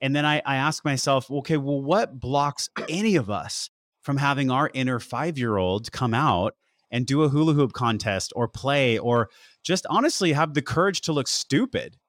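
A man's voice: mid-range voice, animated, normal speed, fairly bright tone, no room sound, studio quality. A man as a podcast guest, talking in a reflective, earnest way and repeating words as he thinks. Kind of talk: casual conversation.

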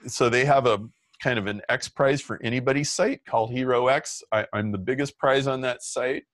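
Middle-aged man, interview guest, relaxed storyteller with filler words, dry recording. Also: medium pitch, normal speed, no echo. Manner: chatty, lots of "like" fillers. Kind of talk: casual storytelling.

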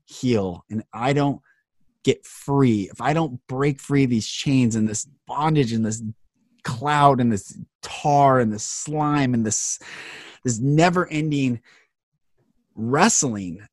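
A man's voice: medium pitch, slow pace, dry recording, studio quality. Earnest man hosting a podcast. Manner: earnest, impassioned. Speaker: podcast host. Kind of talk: heartfelt podcast conversation.

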